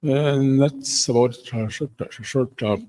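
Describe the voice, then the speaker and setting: A man's voice: medium pitch, mellow. Stammering man giving a short report. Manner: halting, many stammered restarts. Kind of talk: short presentation.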